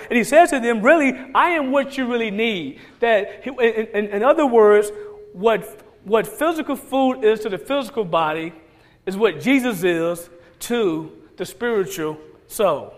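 Man preaching a sermon, plays the crowd's lines, long echo in a big church hall. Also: sits high. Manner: retells scripture, acting out the crowd's lines. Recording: long reverb of a large hall.

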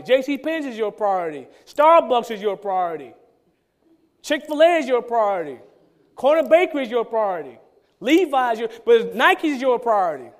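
Man, pastor, sermon, very high pitched, emphatic, repetitive, rhetorical questions. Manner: emphatic preaching, rhetorical questions, repeats lines for stress.

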